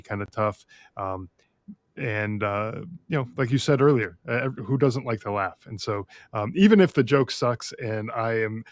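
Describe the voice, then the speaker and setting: A man hosts a podcast in relaxed conversation, his voice sitting a little low. He talks in a friendly, loose way, full of ums and restarts. The sound is dry and close, with almost no room on it. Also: no echo. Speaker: podcast host. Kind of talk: casual interview chat.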